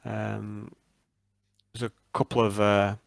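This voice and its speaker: A man's voice: fairly low pitch, flat delivery, slow pace, gravelly, dry recording. Man, game master, hesitant, fillers, dry close sound. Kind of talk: narrating a tabletop game.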